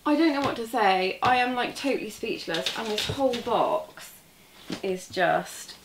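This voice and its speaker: A woman's voice: medium pitch, measured pace, background noise. Gushing woman, roomy and far. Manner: excitable, gushing, chatty. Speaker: crochet vlogger. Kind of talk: casual unboxing chat. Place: indoor room at a table. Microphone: camera set back from her.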